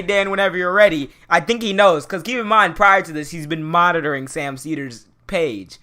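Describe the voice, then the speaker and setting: A man streaming a casual reaction to a clip, talking over it with excitable, laughing commentary and loud outbursts. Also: high voice, moderate pace, few pauses.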